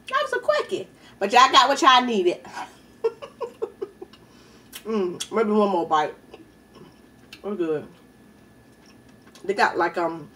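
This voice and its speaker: A woman's voice: mid-range voice, fairly bright tone, distant mic. A woman hosting a mukbang video at home, chatting in slang between bites and laughing often. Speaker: YouTube mukbang host. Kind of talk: casual eating-show chat.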